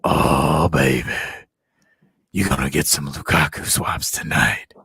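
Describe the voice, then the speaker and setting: A man putting on the voice of a deep, smooth-talking seductive man, drawn out slow and low. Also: fairly even intonation, bright, forceful tone, dry recording, studio quality, full character voice.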